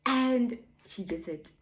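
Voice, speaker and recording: A young South African woman with a South African accent, telling a gossipy story in a casual vlog and dropping into hushed whispers now and then. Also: a little high. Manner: gossipy, drops to hushed whispers, mixes English with Setswana. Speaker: YouTuber.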